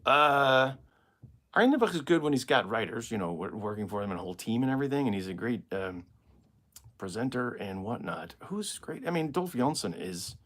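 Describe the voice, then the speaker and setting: A man's voice: mid-range voice, sing-song, a little fast, fairly bright tone. An American man, a comedian, answering viewer questions in a casual, rambling live stream and laughing at his own jokes. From United States.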